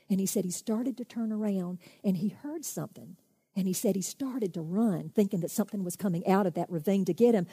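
A woman preaching earnestly to a group of women, moving from emphatic storytelling into a gentle prayer. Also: mid-range voice, a little fast, slightly rough, no room sound, clean studio sound. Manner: earnest, emphatic, softening to hushed. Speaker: women's ministry speaker.

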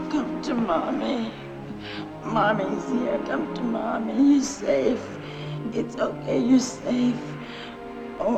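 An actress playing an unhinged mother doting on her grown son, with a gravelly, cooing voice, in a film clip under loud music. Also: on the high side, full character voice. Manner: cooing, clinging, tender then menacing. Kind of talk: film dialogue.

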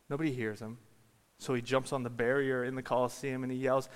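A man delivers a sermon in a church, mid-pitched and unhurried. He tells stories and rises to loud peaks, and the long reverb of a large hall trails after each phrase. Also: steady tone, clean tone. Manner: storytelling, builds to shouted climaxes. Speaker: preacher.

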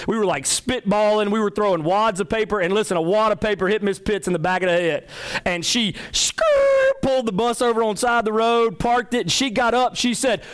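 A male pastor preaching a midweek sermon, telling stories with lively acted-out quotes. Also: high-pitched. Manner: animated storytelling with acted-out quotes.

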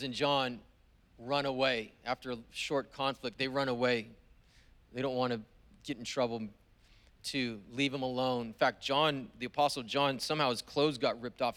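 A man, a pastor, preaching a sermon, telling a story vividly and stressing words with slow, deliberate pauses. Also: mid-range voice, a bit bright.

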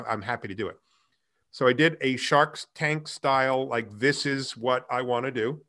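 A middle-aged man in a casual interview, telling his career story with lively acted-out dialogue. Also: mid-range voice. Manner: animated storyteller, acts out quoted dialogue. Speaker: guest, music tech company founder.

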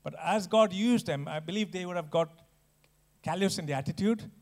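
A man preaching a sermon, earnest and emphatic, with restarts and dramatic pauses. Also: high voice.

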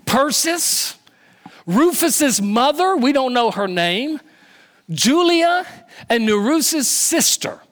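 A man's voice: very high-pitched, big pitch swings, slow pace. A man preaching a sermon, with emphatic delivery and repeated phrases that rise and fall. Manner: emphatic, rising and falling delivery with repetition.

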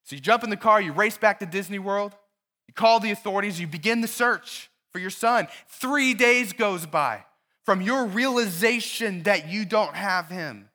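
A pastor delivers a sermon in a church in a high, bright voice. He tells a story in an animated way and keeps asking his listeners questions. The sound is clean and close to the mic. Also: normal speed.

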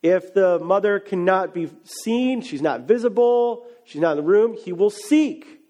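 High-voiced casual pastor preaching. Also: male voice, measured pace, warm tone. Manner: conversational, builds to emphatic questions. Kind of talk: casual sermon.

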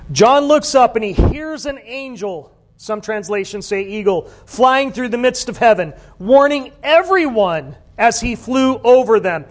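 A man's voice: high-pitched, animated, normal speed, few pauses. A man preaching a sermon, talking in a conversational way and asking the listeners questions. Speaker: pastor.

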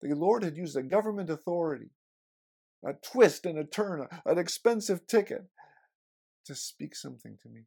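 Gravelly-voiced man preaching. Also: a little high, expressive, moderate pace, dark tone. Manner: storytelling, conversational preaching. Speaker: pastor. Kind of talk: sermon.

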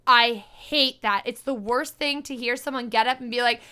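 A woman in her thirties co-hosting a casual chat, animated and blunt, swearing freely. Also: fairly high pitch, moderate pace, clean tone. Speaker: podcast co-host.

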